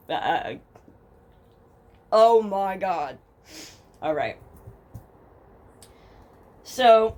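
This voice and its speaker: A young woman with a New Jersey accent hosting a true crime podcast, reading case documents aloud and breaking off to mock them bluntly with lots of swearing. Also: mid-range voice. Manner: blunt, profane and sarcastic, reads case documents then mocks them. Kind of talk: casual true crime storytelling. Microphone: headphones with a home mic.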